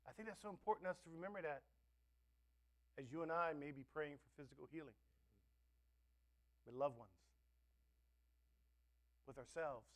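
A man preaches to his congregation in a high, bright voice. He leans hard on key words, then drops to near-quiet asides before building up again. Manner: dynamic preaching, swinging between loud stresses and soft asides. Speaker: pastor. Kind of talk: sermon. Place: church.

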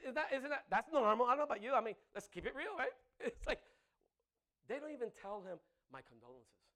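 A male preacher with a notably high voice delivers an animated sermon. He swings from loud, emphatic exclamations to quiet, conversational asides, often checking in with the congregation. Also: quick pace.

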